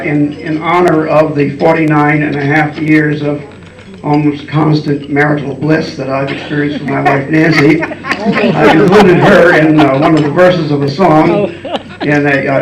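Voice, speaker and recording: A man in his seventies, a folksinger giving a comic lecture in a rambling, chuckling, halting way. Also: fairly high pitch, steady tone, crowd noise. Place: hall with a live audience. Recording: echoey room with music.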